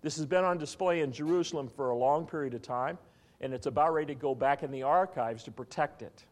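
A man preaching a sermon in an animated teaching style, often asking his listeners questions. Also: on the high side, a little fast. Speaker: pastor.

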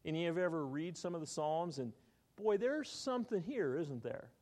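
A man's voice: a little high, normal speed. A man preaching a sermon as a pastor, telling stories and quizzing his congregation with questions. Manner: animated storytelling, quizzing the congregation.

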